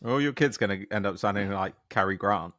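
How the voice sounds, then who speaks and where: A man co-hosting a podcast in casual chat, wry and quick to laugh. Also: fairly low pitch, fairly bright tone, no echo, studio quality. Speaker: podcast co-host.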